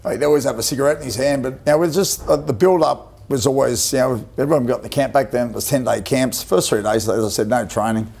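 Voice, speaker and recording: Creaky-voiced Australian ex-footballer. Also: male voice, medium pitch, fast, few pauses, a little mellow. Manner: emotional, colloquial yarn-spinning. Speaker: former player, guest. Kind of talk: TV panel anecdote.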